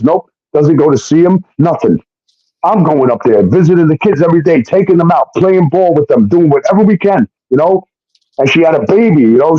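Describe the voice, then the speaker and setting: A man telling a personal story in a heated, casual way, acting out what others said and swearing often. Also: a little high. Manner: heated, swearing, acts out quotes. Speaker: guest telling his story. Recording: dull lo-fi sound.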